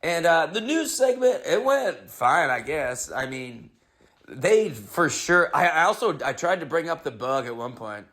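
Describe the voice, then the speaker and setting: A man's voice: on the high side, expressive, measured pace, fairly bright tone. A man hosting his own podcast, telling a comedic story in a rambling, wry, self-interrupting way.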